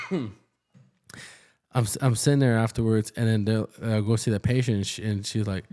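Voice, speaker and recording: A man's voice: on the low side, measured pace. A man in his thirties, an ER nurse co-hosting a podcast, telling work stories in casual chat and acting out the quoted dialogue. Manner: animated, acts out quoted dialogue.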